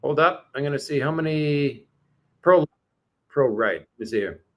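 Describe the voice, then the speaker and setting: A man from Canada hosts a relaxed livestream, chatting with his viewers. His voice sits a little high for a man. He rambles along with plenty of "uh"s and restarts. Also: normal speed. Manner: rambling, many fillers and restarts. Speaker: livestream host reading chat. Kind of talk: casual livestream chat.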